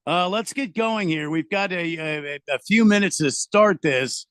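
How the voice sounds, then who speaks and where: A man's voice: sits high, measured pace, fairly bright tone, clear, resonant tone, no room sound. A man hosting a sports radio show, rambling and joking in a self-deprecating way, reading listener texts. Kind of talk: casual radio banter. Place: radio studio. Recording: dry studio sound.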